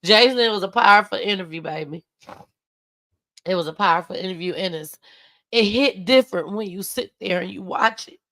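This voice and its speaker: Emotional and close to crying, a woman hosting a livestream thanks her viewers heartfeltly, calling them y'all and baby. Her medium-pitched voice is a bit bright and a little fast, and the recording is dry.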